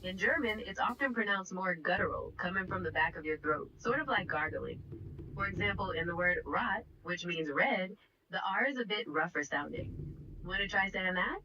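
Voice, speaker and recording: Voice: medium pitch, expressive, moderate pace, sharp tone, lo-fi sound, soft background music. Upbeat AI tutor voice, distant. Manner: upbeat, encouraging, patient teacher. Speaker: AI voice assistant co-host. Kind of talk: language tutoring chat.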